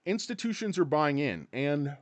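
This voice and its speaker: A man's voice: a little high, very animated, normal speed, dry recording. A man hosting a casual livestream, rambling and a bit profane as he greets viewers by name. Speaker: livestream host. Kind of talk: casual live-stream chat.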